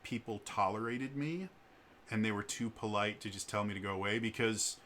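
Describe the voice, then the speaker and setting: Stammering man with a bright tone. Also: on the low side, moderate pace, slight background noise. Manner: hesitant, stammering, with many restarts and fillers. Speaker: vlogger. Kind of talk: casual personal storytelling.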